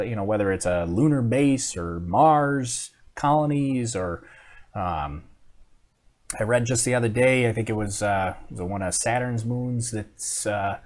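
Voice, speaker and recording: A man with a mid-range voice hosts a live stream, chatting casually and reading viewer comments. He rambles, with plenty of fillers and restarts.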